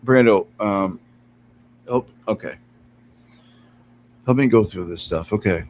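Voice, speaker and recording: Low-voiced man chatting on a stream. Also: slow pace, darkish tone, a little hiss or hum, rough recording. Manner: chatty, laughs often, coos at his cat. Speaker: live streamer. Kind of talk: casual live-stream chat. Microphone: computer mic some distance away.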